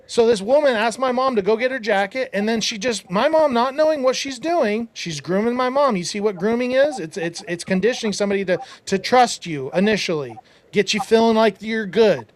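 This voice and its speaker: A man's voice: high voice, lively intonation, brisk. A man hosting a podcast, telling a personal story in a casual, emphatic way, with preachy asides to his listeners. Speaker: podcast host.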